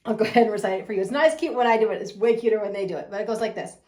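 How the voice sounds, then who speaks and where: A woman's voice: medium pitch, rapid-fire, a little mellow, roomy sound. A woman who runs a preschool, talking about it with gushing enthusiasm and frequent laughter. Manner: effusive, gushing, laughs often. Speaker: preschool teacher and owner. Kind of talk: enthusiastic promotional talk.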